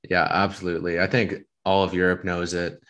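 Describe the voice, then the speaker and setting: A man co-hosting a podcast, telling a travel story in a rambling, deadpan way with lots of fillers. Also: sits low, a little fast. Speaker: podcast co-host. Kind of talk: casual chat.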